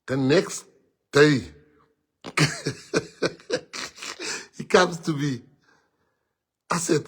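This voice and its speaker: A man with a South African accent telling a casual anecdote in an interview, talking in an animated way and switching between English and Afrikaans. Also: on the high side, very slow, pauses often, husky. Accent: South African, mixing in Afrikaans.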